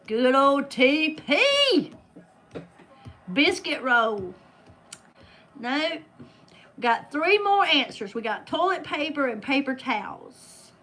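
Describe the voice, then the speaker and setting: A woman's voice: high-pitched, big pitch swings, slow, long pauses, bright, forceful tone. A woman hosting a casual trivia game with friends. She reads out questions and answers in a playful, teasing way. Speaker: game host.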